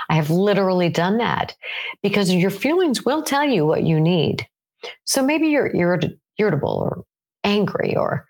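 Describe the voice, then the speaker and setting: A woman's voice: medium pitch, slightly rough. A middle-aged woman teaching as a coach, earnestly asking herself questions aloud as she talks through feelings and needs. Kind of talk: motivational teaching talk.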